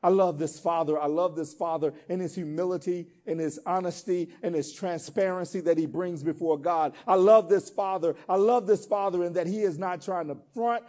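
Male pastor, high-pitched, rhythmic call-and-response preaching that swells to emphatic peaks, folksy asides. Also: a little mellow. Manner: informal vernacular asides. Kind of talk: sermon.

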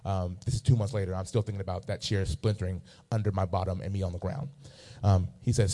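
Mellow-voiced preacher man, emphatic. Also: deep voice, level tone, fast talker, hardly any pauses. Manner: emphatic, repeating phrases for effect. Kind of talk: sermon with personal storytelling.

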